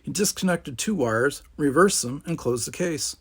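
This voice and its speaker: A man reads a storybook aloud in a husky voice. His delivery is animated and swings freely in pitch. He gives each character a voice of its own. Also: normal speed. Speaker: narrator.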